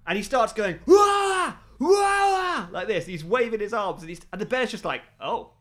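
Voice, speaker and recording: A man co-hosting a podcast, telling a story excitably and dramatically, swearing freely. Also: sits high, fast. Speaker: podcast co-host. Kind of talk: casual chat.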